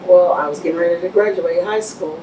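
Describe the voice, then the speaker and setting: Woman from texas, middle-aged, lowish voice, blunt storyteller, sounds far off in a roomy space. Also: brisk. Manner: blunt, animated storyteller acting out dialogue. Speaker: guest business owner. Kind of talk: conversational storytelling interview. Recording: roomy, distant mic with faint background hiss.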